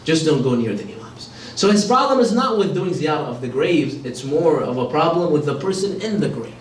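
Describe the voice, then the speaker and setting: Impassioned high-voiced male lecturer, echoey hall. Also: very animated, fairly quick, slight background noise. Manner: impassioned, repeats phrases for emphasis. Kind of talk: religious lecture. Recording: echoey hall, mic at a distance.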